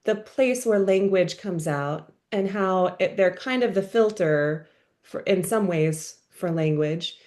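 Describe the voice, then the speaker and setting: A woman's voice: fairly low pitch, takes it slowly, a little mellow. A woman from the United States leading a discussion workshop over a video call, thinking aloud in a musing way with hedging asides. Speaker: workshop facilitator.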